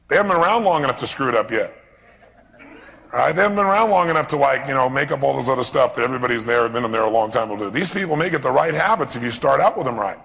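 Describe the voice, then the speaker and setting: A man with a somewhat high, gravelly voice delivers a live seminar talk, lively and constantly putting questions to his audience. His voice rings out with a long reverb through a large hall. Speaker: seminar speaker.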